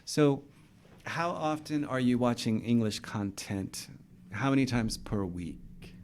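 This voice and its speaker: A man's voice: mid-range voice, takes it slowly, a little hiss or hum. A man hosting a podcast interview, casual and chatty, firing questions and saying "okay" and "dude" often. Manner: chatty, asks many questions, says dude and okay a lot. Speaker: podcast host.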